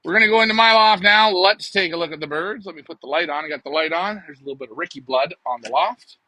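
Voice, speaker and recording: Joking, high-voiced pigeon fancier. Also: male voice, fast talker, sharp tone, a little hiss or hum. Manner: joking, rambling, talks to viewers. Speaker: pigeon racing show host. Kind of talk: casual live-stream chat. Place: backyard pigeon loft, outdoors at night.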